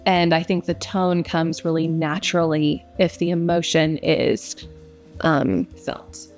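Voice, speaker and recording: A woman's voice: sits low, steady tone, takes it slowly, faint music behind. A young woman who narrates audiobooks, answering interview questions in a casual, reflective way with frequent fillers.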